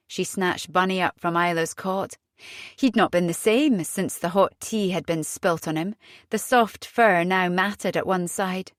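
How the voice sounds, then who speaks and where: In a clean studio recording with no room sound, a woman with a voice on the low side narrates an audiobook. Her scripted storytelling is steady and measured.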